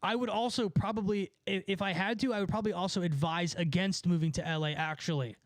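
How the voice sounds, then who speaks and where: A man's voice: sits high, steady tone, fast, dry recording. A young man casually chatting on a live stream, laughing a lot and swearing as he mocks someone. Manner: laughing, mocking, profane.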